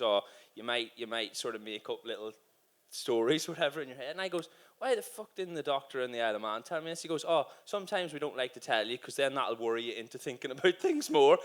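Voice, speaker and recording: A man who is a motorcycle racer telling a profane, animated anecdote on stage at a live podcast event. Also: medium pitch. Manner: animated, profane storytelling with frequent laughs.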